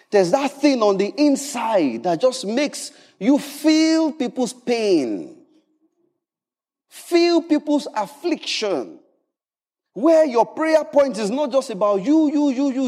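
A man preaching a sermon in an animated, humorous way, often repeating words. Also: extremely high pitch, in a large hall. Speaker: pastor.

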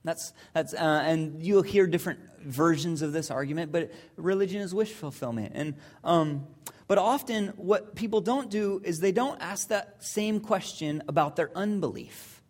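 A pastor giving a sermon in a conversational, storytelling way, sometimes with hesitant fillers, and dropping to a hush at serious points. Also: mid-range voice, moderate pace.

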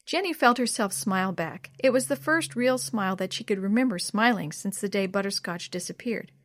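A woman narrating a children's storybook in a gentle, steady read-aloud manner. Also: mid-range voice, fairly quick, dry recording.

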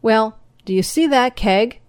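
A woman voicing a jovial male moonshiner friend who talks in a loud, folksy, encouraging way, in a storybook reading. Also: a little high, lively intonation, a little slow, smooth, no echo.

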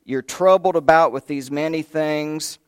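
A preacher voicing a patient, gentle consoler. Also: male voice, on the high side, smooth, close to an everyday voice. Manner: soft, slow, calm.

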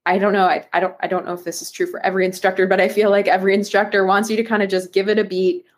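A woman co-hosting a casual fitness podcast, chatty and quick to laugh, with lots of fillers. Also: mid-range voice, flat delivery. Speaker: podcast co-host. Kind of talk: casual chat.

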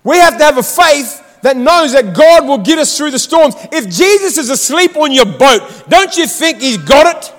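Male pastor, very high voice, fervent call-and-response preaching with long reverb behind it. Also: animated, moderate pace, few pauses, a bit bright. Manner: fired-up, exhortative, calls to the congregation. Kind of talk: sermon. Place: church.

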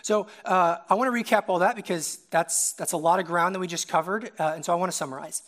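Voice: mid-range voice, quick pace, fairly bright tone. A young adult preacher giving a casual, conversational sermon, often checking in with the listeners by asking "right?".

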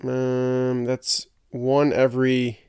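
A man's voice: medium pitch, monotone, drawn-out words, darkish tone, smooth, dry recording. Rambling young man, dry close sound. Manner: rambling, jokey, trips over his words. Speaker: podcast host. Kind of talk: casual solo chat.

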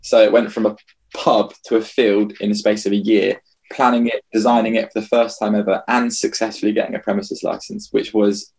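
Man, 30s, husky, lowish voice, lively anecdotal storyteller in interview. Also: a little fast. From England. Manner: lively anecdotal, acts out his own past lines. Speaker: festival founder.

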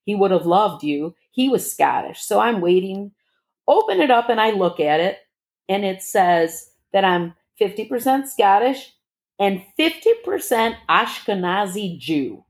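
A middle-aged woman telling her own story as a guest, animated and acting out the dialogue with big leaps in pitch. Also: a little slow. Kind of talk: personal storytelling.

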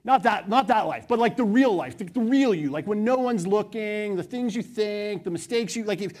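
A male pastor preaching a sermon to his church with passion, his voice swinging from loud, urgent stretches to hushed ones. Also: sits high, lively intonation, moderate pace.

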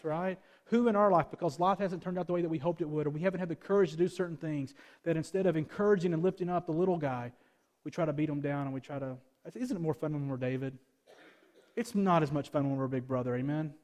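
A man in his thirties, a pastor preaching a sermon in a conversational, slightly snarky way, peppered with rhetorical questions. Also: high voice. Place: large church hall. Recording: echoey church hall.

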